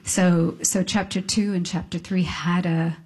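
Middle-aged woman guest, low husky voice, reflective and halting. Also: fairly even intonation. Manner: thoughtful, halting restarts, soft laughs. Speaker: musician guest. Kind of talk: reflective interview talk. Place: on stage before an audience.

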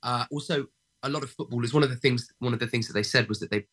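A young man talks through his thoughts in a relaxed interview. He hesitates often, looping back with ums and restarts before landing his point. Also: mid-range voice, fast. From England. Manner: hesitant, many fillers and restarts. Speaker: actor guest. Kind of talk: casual interview chat.

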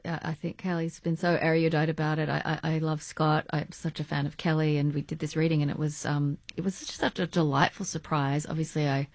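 An actress from Australia, talking in a halting, searching way as a guest in an interview. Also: female voice, low-pitched, little pitch movement, a little mellow, no echo. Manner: halting, searching for words, many restarts. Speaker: stage and screen actress, guest. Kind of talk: casual interview chat.

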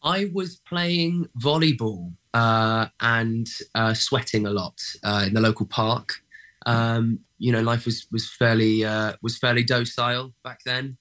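A man's voice: mid-range voice, fairly even intonation, unhurried, fairly bright tone, rough recording. Hesitant man, many ums. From England. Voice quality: many fillers and restarts, thoughtful. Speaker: actor guest. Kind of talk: casual interview.

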